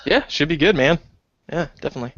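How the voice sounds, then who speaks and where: A male podcast co-host tells stories in a fast, lively voice, jumping into his friends' voices as he goes. The recording is dry and a little dull. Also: fairly high pitch, dry recording. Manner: animated storytelling, acting out friends in quotes. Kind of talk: casual chat.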